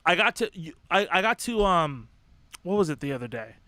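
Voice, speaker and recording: Young male streamer, high bright voice, sweary and fired up, dry close sound, casual rambling delivery. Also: sing-song, fairly quick, no echo. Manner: profane, impassioned, rambling with restarts. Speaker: livestream host. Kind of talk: casual livestream commentary.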